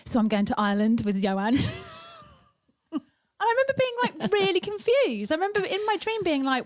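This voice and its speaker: Chatty higher-voiced woman co-host. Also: big pitch swings, quick pace, no echo. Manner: chatty storytelling, laughs often. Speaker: podcast co-host. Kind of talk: casual chat.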